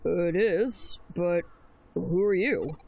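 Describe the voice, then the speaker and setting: A woman's voice: lowish voice, extremely slow, creaky, darkish tone, pitched below the performer's own voice, heavily acted, poor audio. A woman doing a guarded polite father. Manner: courteous but evasive.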